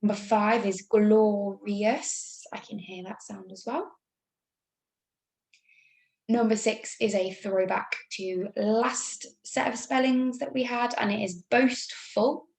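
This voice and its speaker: A woman's voice: medium pitch, fairly even intonation, darkish tone, roomy sound, poor audio. A woman teacher with an English accent, giving a remote spelling lesson to young pupils in an upbeat, patient way. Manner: upbeat, talks slowly through spelling rules. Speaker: primary school teacher.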